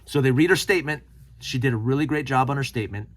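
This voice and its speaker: A man's voice: medium pitch, fast talker. A middle-aged man hosting his own channel, telling a personal story to camera and acting out the people he quotes. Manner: animated, acts out quoted people. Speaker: channel host.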